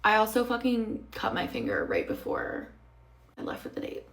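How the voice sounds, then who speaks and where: A woman's voice: mid-range voice, huge pitch swings, normal speed, fairly bright tone. A woman in her twenties telling a dating story in a casual vlog while removing her makeup in the bathroom, blunt and candid, swearing freely and voicing other people's lines. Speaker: storytime creator. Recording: echoey room, mic at a distance.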